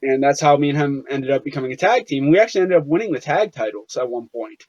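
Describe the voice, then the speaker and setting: A man's voice: mid-range voice, expressive, fast talker, a little mellow, no room sound. A young man as an interview guest, telling stories casually, with many fillers and restarts. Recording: dull, lo-fi sound.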